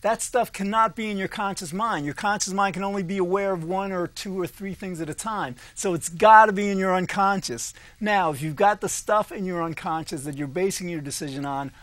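High-voiced man explaining at length. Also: a little fast, few pauses, a bit bright, no echo. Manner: rambling, explanatory, laughs often. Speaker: co-host. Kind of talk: casual podcast discussion.

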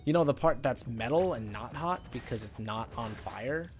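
A man's voice: mid-range voice, lively intonation, moderate pace, soft background music. A man streaming a platform game live, ranting and swearing in frustration, his voice jumping up in disbelief. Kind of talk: live gameplay commentary.

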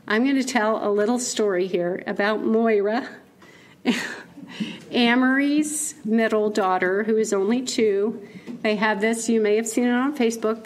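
A woman giving a keynote talk as a conversational sermon, playful and animated and laughing at her own asides. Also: on the high side. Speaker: keynote speaker.

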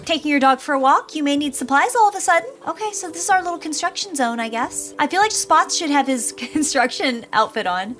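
Woman, gaming commentary, high voice, very animated, sweet baby talk, game music behind. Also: fairly quick. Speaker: gaming YouTuber. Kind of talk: let's play commentary.

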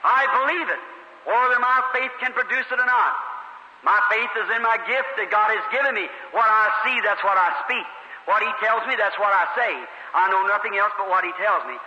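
A man's voice: high-pitched, normal speed, sharp tone. A man, preaching a fervent revival sermon and telling stories in the voices of the people in them. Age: 40s. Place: large meeting hall. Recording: echoey hall on old lo-fi tape.

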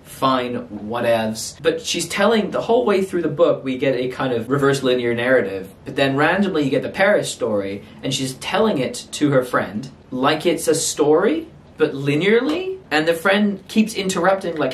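Man, casual book reviewer, rants with swooping pitch and disbelieving questions; roomy sound, faint ambience. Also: normal speed, slight background noise. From London, England. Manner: animated ranting, incredulous rhetorical questions. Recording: roomy echo, mic at a distance, faint ambience.

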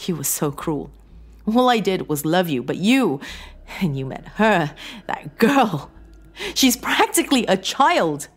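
A woman's voice: lowish voice, animated, moderate pace, voice pushed up. A woman voicing a tearful, pleading wife in a horror story, emotional and shaky. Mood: pleading, hurt. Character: tearful, pleading woman facing her divorce.

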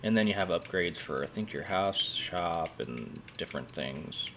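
Man, gaming commentary, laid-back, slow pace, lively pitch, faint game music behind. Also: a little hiss or hum. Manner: casual, laid-back, thinking aloud. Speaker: gaming YouTuber. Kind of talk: let's play commentary.

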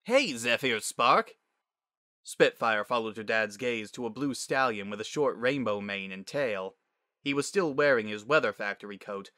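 A male narrator reading a story aloud with a bright, forward tone and measured, expressive delivery. The sound is close and dry, with no room around it. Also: on the low side, no room sound. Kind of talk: dramatic audiobook reading.

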